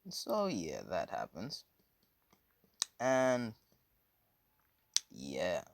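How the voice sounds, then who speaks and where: A man's voice: deep voice, very animated, moderate pace, gravelly, fairly bright tone. A man casually telling a fan story, rambling and slangy with lots of fillers.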